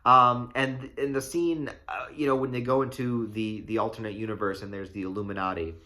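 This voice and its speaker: An excitable young man talks through a movie review in a loose, rambling way, full of fillers and curses. His voice has a bright, forceful edge. He sounds like he's chatting straight to his viewers. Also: mid-range voice, brisk. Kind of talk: casual spoiler review.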